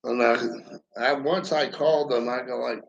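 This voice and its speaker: A man giving a rambling stand-up comedy monologue, halting and profane, with lots of fillers and restarts. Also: mid-range voice, fairly even intonation, gravelly, lo-fi sound. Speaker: amateur comedian.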